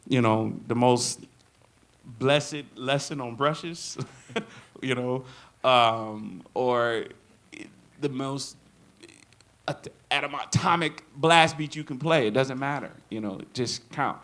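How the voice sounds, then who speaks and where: A man's voice: mid-range voice, slow pace, a bit bright. A man giving a live drum clinic to an audience. He jokes, laughs often and acts out quotes. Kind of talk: live workshop talk and Q&A.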